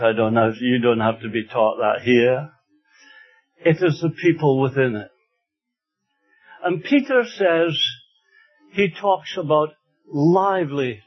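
A man from Scotland preaching a sermon in an earnest, unhurried way, building to emphatic passages. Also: mid-range voice, slightly rough. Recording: dull lo-fi recording.

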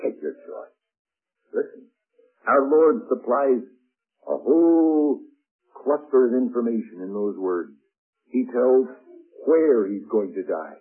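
A man's voice: medium pitch, slow pace, long pauses, husky. A man preaching a sermon in an emphatic, rising and falling cadence, addressing his listeners as friends. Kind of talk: radio sermon. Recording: tinny old radio broadcast.

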